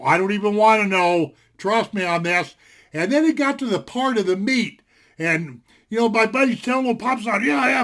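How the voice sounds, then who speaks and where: Folksy older man, very high-pitched speaking voice, rambling anecdote told straight to camera. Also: fairly bright tone. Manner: folksy and rambling, with many fillers. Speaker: storyteller. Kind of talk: casual storytelling to camera. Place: home desktop setup.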